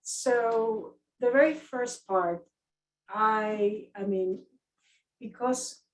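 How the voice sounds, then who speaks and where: A woman from Peru with a Peruvian Spanish accent, whose first language is Spanish. As the guest author she tells her stories in an animated way, laughing often and acting out the voices of people in them. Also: medium pitch, extremely slow. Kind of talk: live bookstore conversation. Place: bookstore event space. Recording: roomy sound from a distant mic.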